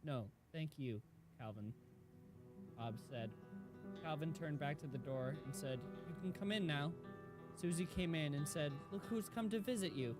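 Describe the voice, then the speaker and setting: Male reaction-video host, slightly high voice, reads gently, clear music bed underneath. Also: normal speed. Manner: gentle storytelling, lowering voice for quoted lines. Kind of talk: reading a story aloud, then reacting.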